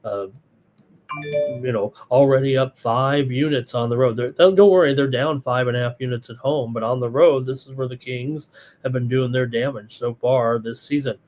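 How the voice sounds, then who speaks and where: A middle-aged man hosts a live sports betting stream, talking straight to his viewers. He rambles through his picks and the chat, with plenty of fillers and false starts. His voice sits at a middle pitch for a man. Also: moderate pace, a little mellow. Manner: rambling, many fillers and restarts, chatty. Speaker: sports betting show host. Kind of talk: live solo betting analysis, reading chat.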